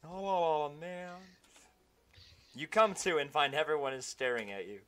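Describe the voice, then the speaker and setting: A young man streaming a video game, reading its text aloud in an animated, jokey way. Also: a little high, measured pace, clear, resonant tone.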